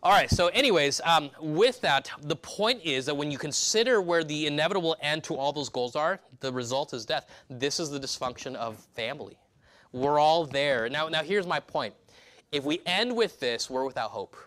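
A pastor preaching a sermon in church, emphatic, with repeated restarts and rhetorical questions. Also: male voice, fairly high pitch, lively intonation, moderate pace, a bit bright.

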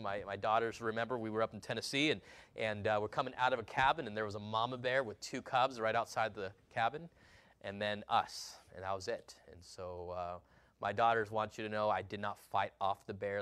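A man preaching a sermon, swinging from quiet, stumbling asides to loud, slow declarations, often repeating words. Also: lowish voice, smooth. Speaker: pastor.

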